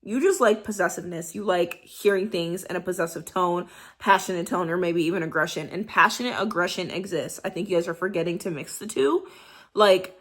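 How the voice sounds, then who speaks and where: A woman's voice: lowish voice, brisk. Candid, slangy young woman vlogger. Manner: candid, slangy, animated, drops into soft breathy whispers for examples. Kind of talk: casual vlog monologue.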